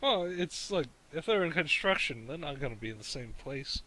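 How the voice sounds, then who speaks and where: High, bright-voiced man in offhand chat. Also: lively intonation, normal speed, rough recording. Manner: brief, offhand reactions. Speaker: podcast co-host. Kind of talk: casual chat.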